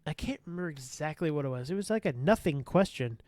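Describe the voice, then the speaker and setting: A man's voice: fairly high pitch, fast talker, dry recording. A man casually telling stories on a podcast, profane and laughing as he acts out past encounters. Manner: profane, laughing, animated retelling. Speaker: podcast guest. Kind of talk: casual storytelling.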